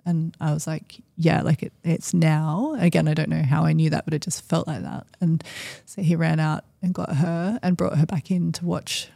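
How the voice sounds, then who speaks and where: A woman's voice: deep voice, flat delivery, moderate pace, creaky, few pauses, dark tone, dry recording, studio quality. A woman, a podcast guest, telling a personal story in a chatty, rambling way with lots of fillers. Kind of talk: casual storytelling.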